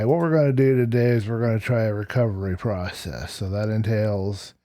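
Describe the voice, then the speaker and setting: Guy chatting thru his game, low voice, dry close mic, kinda rambly, bit of a cough. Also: mellow, no room sound. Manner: chatty, rambling, self-deprecating. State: slight cough. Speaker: Minecraft let's-play host. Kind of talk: casual gameplay commentary.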